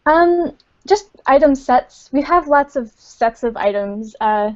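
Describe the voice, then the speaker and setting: A woman's voice: high voice, expressive, takes it slowly, muffled recording. A woman, a game studio community manager, chatting casually in an interview with many fillers and frequent laughs, over a computer microphone.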